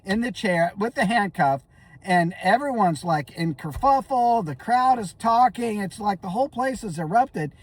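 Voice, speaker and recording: A shaken man telling a comic story in a rambling, stammering way, often coughing and clearing his throat. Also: sits high, animated, normal speed, far from the mic. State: shaky and rattled. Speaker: comedic vlogger.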